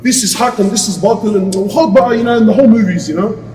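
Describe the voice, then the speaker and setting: A man's voice: high-pitched, quick pace, a little mellow, faint music behind. A man preaching an Islamic lecture to a crowd, passionate and full of rhetorical questions. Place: lecture hall. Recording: echoey hall, distant mic.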